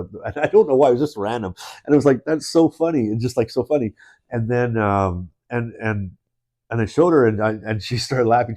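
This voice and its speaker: A man with a low, mellow voice co-hosts a podcast in relaxed, casual conversation. He rambles, restarts his sentences and chuckles along as he tells his stories. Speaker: podcast co-host. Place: indoors, in-person studio.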